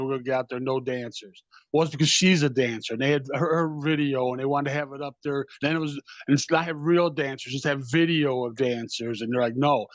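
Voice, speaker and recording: A man's voice: a little high, no room sound. A man co-hosting a casual rock podcast in a laid-back way, saying dude and man a lot. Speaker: podcast co-host. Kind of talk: casual chat about rock news.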